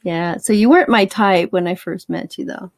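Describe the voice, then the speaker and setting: A woman's voice: mid-range voice, moderate pace, slight background noise. A woman co-hosting a casual couple chat, gushing and giggling affectionately. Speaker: co-host.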